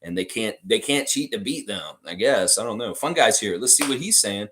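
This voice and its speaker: A man's voice: on the low side, animated, moderate pace, fairly bright tone. A man hosting a live sports fan stream, ranting heatedly about coaches, swearing and laughing as he talks.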